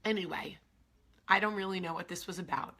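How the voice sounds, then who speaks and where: A woman's voice: on the low side, brisk, bright, forceful tone. A forty-year-old woman hosting a confessional vlog, talking candidly and tearfully, repeating herself and dropping into whispers. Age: 40s. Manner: raw, candid, repetitive, with whispered asides. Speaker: vlog host. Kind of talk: emotional confessional vlog talk.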